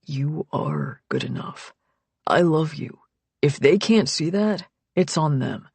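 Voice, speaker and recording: A woman voicing a gentle, reassuring young man, speaking softly and low in an audiobook. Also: expressive, unhurried, vocal fry, husky, dry recording, full character voice. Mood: tender. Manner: soft, low, tender.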